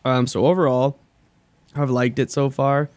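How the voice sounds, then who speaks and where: A man's voice: medium pitch, flat delivery, measured pace, darkish tone, no echo. A young man co-hosting a casual podcast, speaking bluntly with swearing and laughter. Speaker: podcast co-host. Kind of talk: casual chat.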